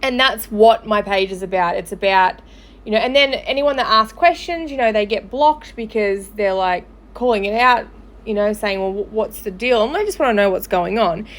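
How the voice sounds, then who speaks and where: A woman's voice: mid-range voice, expressive, moderate pace. A woman who hosts a gossip page, ranting angrily and swearing on a livestream. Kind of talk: livestream commentary.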